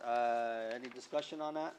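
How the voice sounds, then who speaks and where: A man chairing a town committee meeting, running through motions and votes in a brisk procedural way. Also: medium pitch, steady tone, a little mellow, slight background noise.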